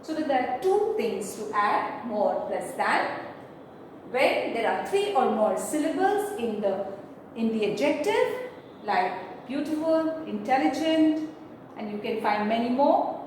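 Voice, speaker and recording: Lady teacher going slow over grammar, high voice, echoey room far from the mic. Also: sing-song, a little mellow, slight background noise. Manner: explains step by step, spells out letters. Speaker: English teacher. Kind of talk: slow classroom grammar lesson.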